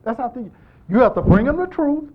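Animated male preacher, swinging loud to soft. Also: very high voice, brisk, phone-quality sound. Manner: repetitive, emphatic call-and-response delivery. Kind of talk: sermon.

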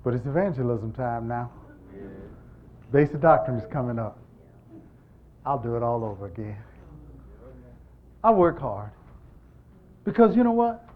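A man preaching a sermon in an animated, emphatic style, repeating lines and moving between loud and hushed delivery. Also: mid-range voice, a little slow, long pauses, narrow, tinny audio. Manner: repetitive, emphatic call-and-response delivery.

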